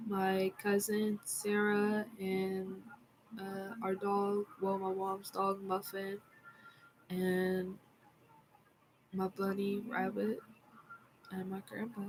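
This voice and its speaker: A woman telling a personal story in a casual vlog, in a soft, halting way with frequent fillers. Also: mid-range voice, monotone, slight background noise, rough recording. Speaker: vlogger.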